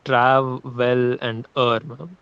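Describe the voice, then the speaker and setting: A man's voice: mid-range voice, flat delivery, very slow, fairly bright tone, clean tone, no echo, highs cut off. A man, a student in an online class, asking polite, hesitant questions.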